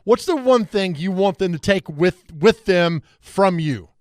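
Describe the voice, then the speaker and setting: A male sports radio host interviewing a guest. He is eager and quick to say he loves what the guest tells him. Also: high voice, animated, no echo, clean studio sound.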